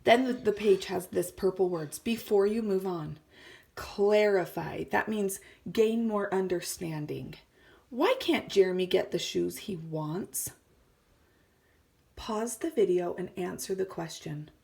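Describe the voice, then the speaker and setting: A woman's voice: mid-range voice, a little slow, vocal fry, darkish tone. A woman teacher reading a story aloud to children, explaining words and often dropping to a whisper. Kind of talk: read-aloud lesson for children.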